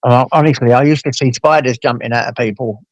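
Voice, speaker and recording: A man hosting a casual chat, talking bluntly with plenty of swearing and lively storytelling. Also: medium pitch, fast talker, no echo, poor audio. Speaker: host.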